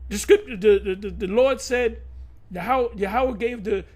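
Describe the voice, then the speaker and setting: A man's voice: high-pitched, moderate pace, a little mellow. A man preaching in a combative, profane rant, stumbling over and repeating his words. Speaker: religious teacher.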